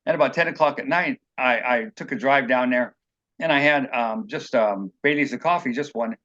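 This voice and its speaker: A man's voice: medium pitch, moderate pace, fairly bright tone, lo-fi sound. Rambling earnest man telling stories. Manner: rambling, earnest, acts out quotes. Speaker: interview guest, author. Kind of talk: personal storytelling in an interview.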